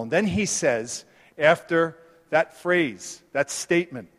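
A man delivering a sermon in a high, ringing voice, pressing each point with repeated phrases. His words carry a long reverb, as if spoken in a large hall. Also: lively intonation, slow pace, fairly bright tone. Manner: emphatic, insistent preaching with repeated phrases. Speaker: preacher.

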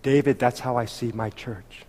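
A man in his fifties preaching a heartfelt sermon, swinging between loud exhortation and soft, intimate asides. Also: medium pitch, steady tone, moderate pace. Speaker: pastor. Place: church hall. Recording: long reverb of a church hall.

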